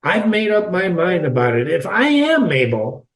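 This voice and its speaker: A man's voice: high-pitched, wildly swooping pitch, moderate pace, echoey room, far from the mic, heavily acted. A man voicing a confused, tearful young girl from a storybook, in a raised, pleading reading voice. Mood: fretful.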